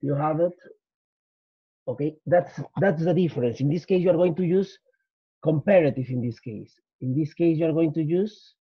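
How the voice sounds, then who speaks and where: A man's voice: a little high, husky, dry recording. A male English teacher giving a repetitive grammar lecture, drilling each point and slipping into Spanish to explain. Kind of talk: slide-based grammar lecture. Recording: dull lo-fi recording.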